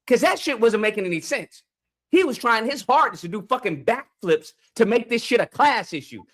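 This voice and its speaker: A man hosts a livestream call-in show and argues in angry, profane bursts. His voice leaps high and drops low throughout. The sound is a close desk mic. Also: expressive, normal speed. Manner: profane, angry, shouting rants. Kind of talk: heated call-in debate.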